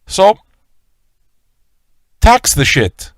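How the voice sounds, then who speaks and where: Profane, animated man ranting on stream. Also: high voice, takes it slowly, pauses often, no room sound. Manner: swaggering, profane, talks straight to viewers. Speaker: livestream radio host. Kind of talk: profane live-stream rant.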